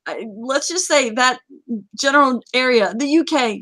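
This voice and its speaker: A woman's voice: high-pitched, expressive, normal speed, pushed and bright, no echo. A woman hosting a casual gaming chat, talking in a chatty, joking way with sudden exclamations. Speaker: game community host.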